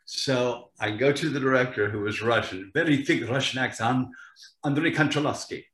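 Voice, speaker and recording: An older actor telling animated stories in a casual interview, often repeating words as he starts a sentence. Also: mid-range voice, moderate pace. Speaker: actor guest. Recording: roomy echo.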